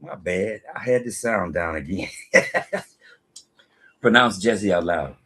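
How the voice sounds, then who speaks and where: A man's voice: sits low, takes it slowly, a bit bright, slightly rough. A man hosting a casual video, questioning a phone app in a skeptical, rhetorical way and talking back to it. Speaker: video host. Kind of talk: casual commentary while quizzing a phone app.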